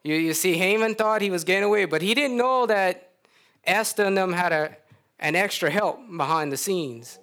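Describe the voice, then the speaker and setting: A man's voice: sits high, moderate pace, fairly bright tone. A man with a Louisiana accent preaching a sermon in a folksy storytelling way, acting out the characters.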